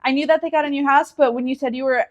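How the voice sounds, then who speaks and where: A woman's voice: high-pitched, fairly even intonation, fast. A young woman co-hosting a podcast, bantering and teasing in a giggly, casual way. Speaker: podcast co-host. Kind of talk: casual chat.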